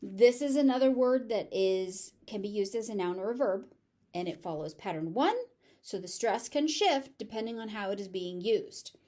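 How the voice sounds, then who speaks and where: An American woman teaching pronunciation, saying each word slowly and clearly several times and then explaining it. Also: medium pitch, dark tone. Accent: General American. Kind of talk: slow, careful pronunciation lesson.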